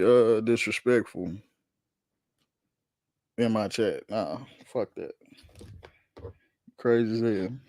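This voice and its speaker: A man's voice: mid-range voice, a little mellow, no echo, clean studio sound. Heated, profane man ranting. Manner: profane, argumentative, slangy. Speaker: streamer host reacting to chat. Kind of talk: heated casual livestream rant.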